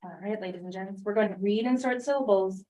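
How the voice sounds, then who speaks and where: Teacher prompting students, voice from afar. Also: female voice, medium pitch, mellow. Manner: brisk, prompting, encouraging questions. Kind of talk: classroom phonics instruction. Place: classroom. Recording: distant classroom mic.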